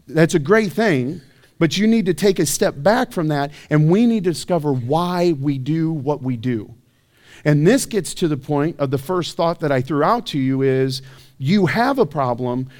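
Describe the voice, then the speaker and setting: Male pastor, fairly high voice, casual preaching full of rhetorical questions. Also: darkish tone. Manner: conversational, self-deprecating, rhetorical questions. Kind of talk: sermon. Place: church.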